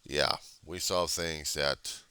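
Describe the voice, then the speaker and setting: Low, gravelly male voice, blunt sarcastic talker, lively pitch, dry close sound. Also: takes it slowly, no echo. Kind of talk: casual chat.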